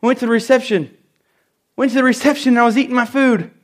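A middle-aged man preaching a sermon in church, telling stories and stressing key phrases with slow, emphatic repeats. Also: very high-pitched, fairly even intonation. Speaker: pastor.

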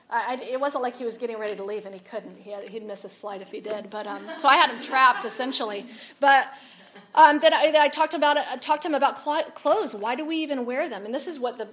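A woman's voice: fairly high pitch, noisy background. A woman speaking at a women's event, telling a story in a sermon, acting out both sides of a conversation and laughing often. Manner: animated, acts out dialogue, laughs often.

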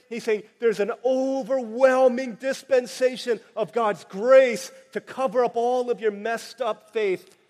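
Pastor, male, high voice, animated and jokey sermon delivery, long hall reverb. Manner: animated, joking asides, acts out quoted voices.

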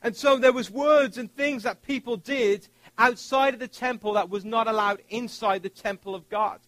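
A man's voice: extremely high pitch, moderate pace, fairly bright tone, dry recording, low-quality recording. A man preaching a sermon as pastor, telling stories from childhood and joking with his congregation.

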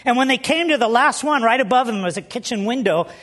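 A pastor with a slightly high, somewhat bright voice talks fast and with lots of animation. She preaches her sermon conversationally, telling stories and putting questions to the congregation.

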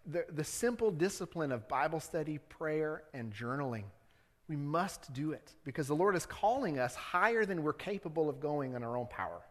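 A man's voice: a little high, animated, moderate pace, in a large hall. A man preaching a sermon as the church's pastor, talking casually with the congregation and building to fervent appeals. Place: church sanctuary.

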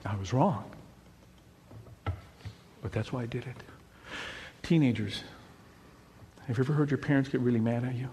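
A middle-aged man preaching a sermon in a lively way, his voice swinging from near whispers up to sudden shouts. His pitch is mid-range and not unusual for a man. A long reverb from the room hangs on each phrase. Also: moderate pace, long pauses, slight background noise. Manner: animated preaching, swinging between hushed and shouting. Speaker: pastor.

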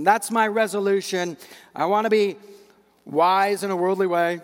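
Middle-aged male pastor, high voice, chatty animated sermon, long church-hall reverb. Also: unhurried, long pauses. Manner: conversational, animated preaching with asides and repeated words.

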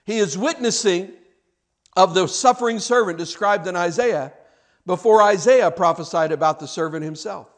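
Male preacher, high voice, dramatic sermon delivery, loud cries then hushed passages. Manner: repeats words in rushes.

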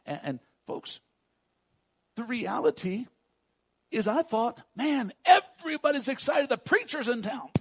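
Older pastor with a Texan accent, husky and raspy, folksy sermon delivery. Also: male voice, sits high. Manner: swings from soft to loud, folksy.

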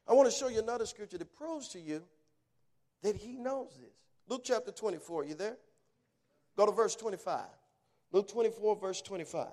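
High-voiced man preaching emphatically. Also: darkish tone. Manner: emphatic, punchy short phrases; folksy storytelling, rhetorical questions. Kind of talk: sermon.

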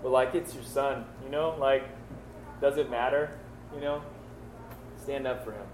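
A man's voice: mid-range voice, steady tone, a little slow, darkish tone, a little hiss or hum. Man teaching the Bible conversationally, echoey room. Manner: conversational, many fillers and rhetorical questions.

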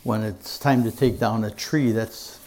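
A male pastor preaching a sermon in church to his congregation, earnest and emphatic, with dramatic pauses. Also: fairly low pitch, steady tone, darkish tone.

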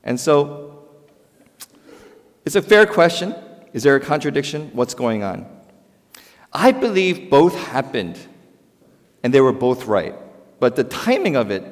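Animated male preacher in a reverberant hall. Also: a little high. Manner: animated preaching, swings between loud emphasis and quiet. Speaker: pastor. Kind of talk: sermon.

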